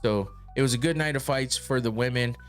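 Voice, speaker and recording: A man's voice: medium pitch, brisk, faint music behind. A man hosting a podcast, recapping fights in a rambling, casual way with lots of cursing and restarts. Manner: rambling, profane, with frequent restarts and laughs. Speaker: podcast host.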